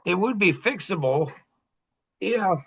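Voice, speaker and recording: A man in his fifties answers questions from listeners on a podcast, with a voice set a bit higher than most men's. He talks casually and goes back over his points. He likes to retell past conversations as little stories. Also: takes it slowly, gravelly, slightly rough. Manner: storytelling, animated retelling of conversations. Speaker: coach answering audience questions.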